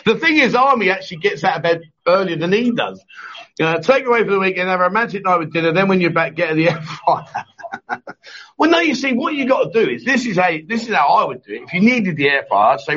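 A man's voice: high-pitched, sing-song, quick pace, fairly bright tone. A man hosting a live chat show, teasing his guests and laughing often as he reads out viewer comments. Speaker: host. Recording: dull lo-fi stream audio.

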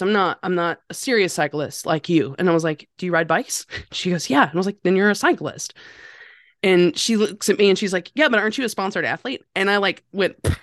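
Woman podcast guest, low-pitched, animated and self-deprecating, dry close sound. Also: dry recording. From North Carolina. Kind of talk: casual conversational storytelling.

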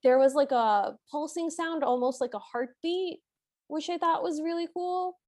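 A woman's voice: high-pitched, normal speed, darkish tone. A woman co-hosting a podcast, recapping a film scene by scene in an amused, giggly way. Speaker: podcast co-host. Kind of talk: casual chat recapping a film.

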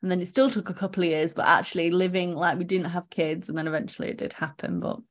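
Chatty woman guest, lowish voice. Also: fairly even intonation, quick pace. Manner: chatty, candid and conversational. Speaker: podcast guest. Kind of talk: casual interview chat.

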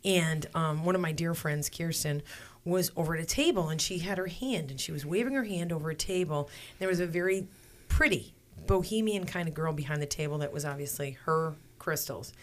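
A woman's voice: sits low, brisk. A woman hosting a casual podcast chat and telling stories in a chatty way, often laughing. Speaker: podcast host.

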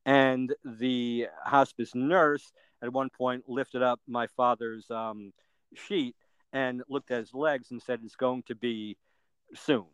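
A man's voice: mid-range voice, steady tone, takes it slowly, fairly bright tone, clean tone, dry recording, rough recording. A middle-aged man, a podcast guest, telling a personal story earnestly and plainly, step by step, with everyday fillers.

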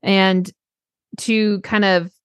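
A woman co-hosting a coaching podcast, talking in an earnest, animated way and acting out little quotes. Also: mid-range voice, extremely slow, clear, resonant tone, no room sound, clean studio sound. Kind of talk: casual podcast conversation.

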